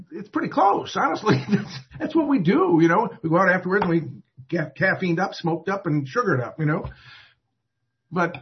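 A man with a very husky, rough voice tells his own recovery story. He rambles, restarts and mocks himself, acting out what others said. The recording sounds dull and lo-fi. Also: mid-range voice. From Atlanta area. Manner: self-deprecating, rambling, restarts and acted quotes. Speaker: recovery speaker. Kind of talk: personal recovery story told to a group.

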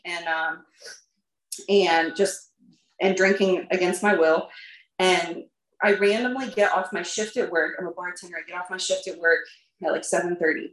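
Woman speaker sharing her story, mid-pitched, conversational and self-mocking, in an echoey room. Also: fairly bright tone. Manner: candid, chatty, lots of fillers; laughs at herself. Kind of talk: personal recovery testimony to a group. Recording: roomy echo.

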